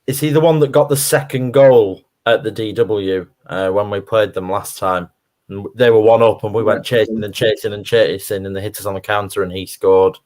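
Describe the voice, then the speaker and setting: A man co-hosting a live football fan watchalong, reacting excitedly to the play and chatting with his co-hosts. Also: lowish voice, moderate pace. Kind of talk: live match commentary chat.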